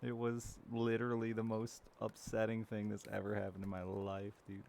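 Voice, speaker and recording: In a monotone, lowish voice with vocal fry, a man in his thirties chats casually with live viewers while gaming, sometimes swearing. He speaks at normal speed, a little mellow, with a faint hiss or hum behind him.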